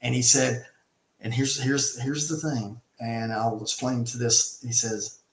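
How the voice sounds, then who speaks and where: Man, middle pitch, emphatic storyteller with lots of restarts, casual chat, echoey room sound. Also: little pitch movement, a little slow. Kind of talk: casual conversation, retelling a film.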